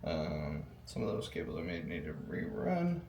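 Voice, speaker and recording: A man's voice: rumbling low, sing-song, normal speed, darkish tone, a little hiss or hum. Rambling man in an echoey room. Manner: rambling, casual, swears freely, frequent ums. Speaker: PC builder vlogger. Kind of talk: rambling casual chat while building a PC. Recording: echoey room with faint ambience.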